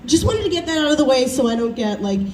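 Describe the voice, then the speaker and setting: A young woman from the South works a student stand-up crowd, high-voiced and animated as she pokes fun at her family. The recording is roomy and distant, with the stage sound carrying and a faint murmur of the room beneath. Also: quick pace, slight background noise. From American South. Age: young adult. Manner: self-deprecating, chatty, animated storytelling. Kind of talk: stand-up comedy set. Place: campus showcase stage.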